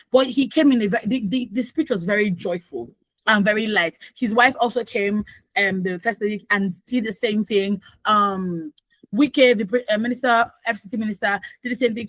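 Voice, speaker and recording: A woman with a Nigerian accent hosting morning radio talk, opinionated and animated, full of asides, on a studio microphone. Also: medium pitch, no room sound, poor audio. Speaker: radio host.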